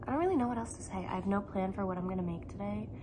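A young woman vlogging casually about crochet, rambling with lots of fillers, her voice hoarse and half-whispered as she feels unwell. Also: medium pitch, expressive, very fast, background noise. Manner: rambling, filler-heavy, slips into soft whispery phrases. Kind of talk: casual vlog chat.

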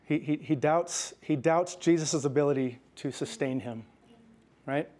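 A man preaching a sermon in a conversational way, checking in with the congregation and slowing down softly when he quotes scripture. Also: on the high side. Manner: conversational preaching with frequent "right?" and "okay?"; slows and softens when quoting scripture. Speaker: pastor.

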